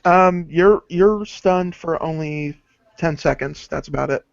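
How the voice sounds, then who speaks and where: A man's voice: fairly high pitch, unhurried, gravelly, dry recording. A man narrating as game master for a tabletop game, casual and hesitant at times. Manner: casual, with fillers. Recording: dull lo-fi dry recording.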